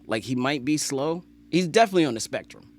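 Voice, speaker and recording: A man's voice: a little high, lively intonation, fast talker. A man co-hosting a podcast, trading loose, slangy, joking banter. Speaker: podcast co-host. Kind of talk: casual banter.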